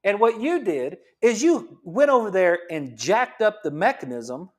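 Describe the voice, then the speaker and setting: A middle-aged chiropractor with a drawl gives a health talk, his voice high for a man and swinging up and down energetically. Very animated yet a little slow, he sounds fired-up and preachy, peppering the talk with rhetorical questions.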